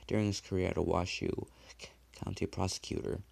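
Horror narrator, male, very low and gravelly, measured hushed reading. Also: flat delivery. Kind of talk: dramatic horror story reading.

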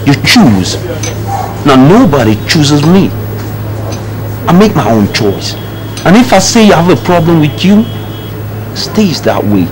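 A man's voice: on the high side, big pitch swings, slow pace, pauses often, noisy background. An actor playing a young man, dismissively lecturing his fiancée about an arranged marriage. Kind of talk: film drama dialogue.

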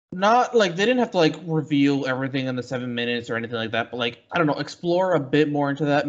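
A man co-hosting a casual comic review podcast, rambling with many likes and restarts, on a muffled, crackly mic. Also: mid-range voice. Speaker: podcast co-host.

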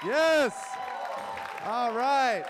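A man's voice: very high-pitched, expressive, very slow. A man performing a stand-up set on a comedy club stage, telling loose, rambling stories and swearing freely. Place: comedy club stage before a live audience. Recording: live club recording with crowd and noise.

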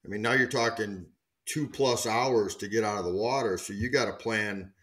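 A man who used to run dive charters, telling a story casually at a round table in an easygoing, drawn-out way. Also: lowish voice, a bit bright. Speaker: guest diver, former charter captain.

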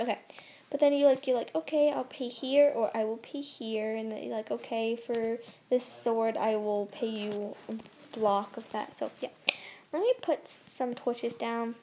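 A woman hosting a gameplay channel, chatting and rambling as she builds, her voice soft and worn from recording. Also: a little high, slight background noise. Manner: chatty, rambling, thinking aloud while building. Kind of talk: casual gameplay commentary.

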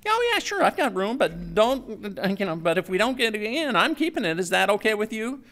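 A man reading a story aloud, voicing a high-strung, excitable male bush pilot in a raised voice. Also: moderate pace, exaggerated voice. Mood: eager.

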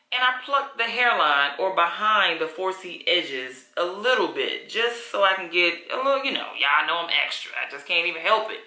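A woman gushes through a casual wig review, calling her viewers honey and y'all. Her voice is very bright and sharp. The room around her rings with echo. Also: on the low side. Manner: chatty and effusive, calls viewers honey and y'all. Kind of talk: casual product review vlog. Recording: echoey room.

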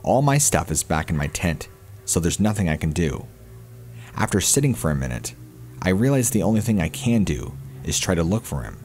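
A man narrating a first-person horror encounter story in a steady, scripted storytelling delivery. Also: deep voice, moderate pace, faint music behind.

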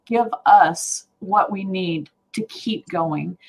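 A woman sharing a personal faith story on a talk show, earnest and animated, laughing often. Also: on the low side, slow, rough recording. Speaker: guest sharing testimony.

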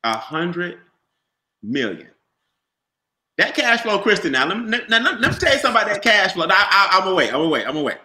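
Man, high voice, piercing bright tone, animated motivational pitch, repeats himself, echoey room. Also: fairly quick. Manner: animated, repetitive, preachy, addresses listeners by name. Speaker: business opportunity presenter. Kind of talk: motivational sales talk.

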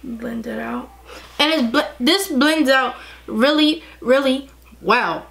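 Young woman, beauty vlogger, chatty, gushing, slightly high voice. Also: takes it slowly, creaky, a bit bright. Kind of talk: casual makeup tutorial chat.

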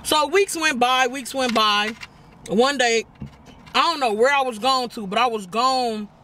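A woman's voice: on the high side, a little slow, sharp tone, slight background noise. A young woman vlogger chatting casually and laughing as she tells a personal story to her viewers while eating. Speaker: vlogger host.

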